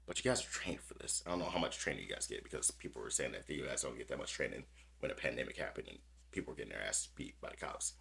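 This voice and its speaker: A man's voice: a bass voice, expressive, fast, gravelly, a bit bright, breathy edge. A man hosting a podcast, reading news stories aloud with small stumbles and commenting on them bluntly with plenty of cursing. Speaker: podcast host.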